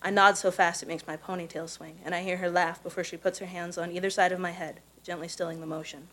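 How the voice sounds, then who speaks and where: A woman from Missouri reading her own personal essay aloud at a live event, in a measured storytelling voice. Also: fairly low pitch, flat delivery, fairly bright tone, slight background noise, rough recording. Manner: measured, careful storytelling delivery. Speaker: contest winner reading her own prose.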